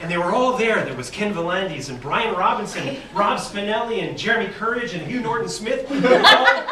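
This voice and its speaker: Man, high-pitched, humorous dream story, deadpan asides, distant mic, roomy banquet hall, loud background noise. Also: normal speed. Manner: playful, tells an absurd dream tale with deadpan asides. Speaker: keynote speaker. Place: banquet hall at an awards dinner.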